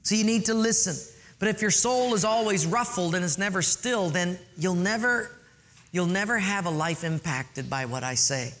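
A man's voice: high voice, normal speed, fairly bright tone. A man preaching a sermon earnestly, asking listeners to underline and write things in their notes. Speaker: pastor.

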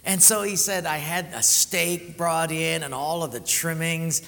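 A pastor with a slightly high, creaky voice preaches unhurriedly, telling stories and animatedly acting out the voices of the people in them. The recording carries the reverb of a live hall.

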